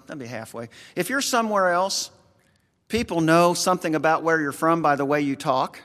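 This man's voice is fairly high and slightly bright, with the sound of a big room around it. Speaking in a rural American accent, he delivers an earnest, folksy, conversational sermon straight to his congregation.

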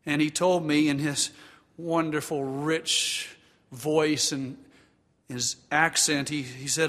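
A man preaching in a church sanctuary, earnest and emphatic in his delivery. His voice sits a little high and rings bright and forceful. A long hall reverb trails after every phrase. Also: fairly even intonation, slow. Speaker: pastor. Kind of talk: sermon with closing prayer.

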